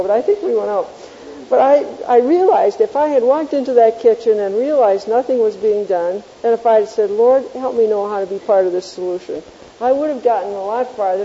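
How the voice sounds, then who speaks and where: Dark-voiced woman teaching a Bible class. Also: fairly high pitch, in a large hall. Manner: homely storytelling with self-mocking chuckles; quizzes the class on the points. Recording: dull lo-fi tape with faint hiss.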